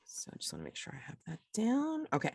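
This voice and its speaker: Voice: medium pitch, huge pitch swings, quick pace, creaky, a little mellow, breathy edge, no room sound, clean studio sound. A game master casually running a tabletop role-playing game, explaining rules with many fillers and restarts.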